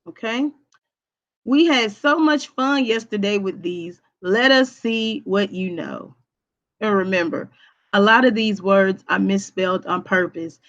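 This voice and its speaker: A woman's voice: medium pitch, fairly bright tone. Teacher lady going over grammar, keeps asking okay?, hums while she types, kinda muffled sound. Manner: patient, checks understanding with frequent "okay?"; hums to herself while typing on screen. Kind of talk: recorded online grammar lesson.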